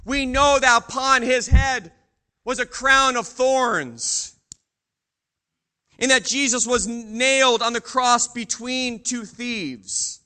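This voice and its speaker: Casting: male preacher, bright piercing tone, unhurried delivery, emphatic. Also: extremely high pitch, clean tone. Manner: emphatic, swelling on key phrases. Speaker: pastor. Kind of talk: sermon.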